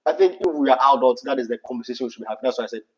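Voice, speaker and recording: A man's voice: mid-range voice, very fast, rough recording. A Ghanaian man with a Ghanaian English accent, co-hosting a casual livestream chat, laughing often and slipping into Pidgin. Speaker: livestream co-host.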